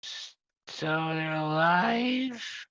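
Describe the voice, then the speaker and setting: A woman's voice: low voice, lively intonation, extremely slow, a bit bright, no room sound. A woman playing a tabletop game, blunt and crude in casual chat. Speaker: player. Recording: dull lo-fi sound.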